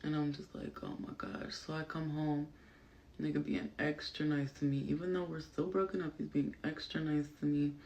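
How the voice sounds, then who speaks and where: A woman vlogger telling a story casually while getting ready, animated and profane, full of fillers. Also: low voice, moderate pace, dull audio.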